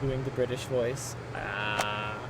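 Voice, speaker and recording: A man's voice: medium pitch, fairly even intonation, takes it slowly, heavy background noise. A man streaming a game, bantering with playful indignation.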